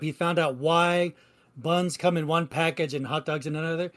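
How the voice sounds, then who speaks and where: A man's voice: fairly high pitch, fairly even intonation, normal speed, a bit bright. A man co-hosting a podcast, chatting in an easygoing way and laughing along. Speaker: podcast co-host. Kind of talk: casual podcast chat.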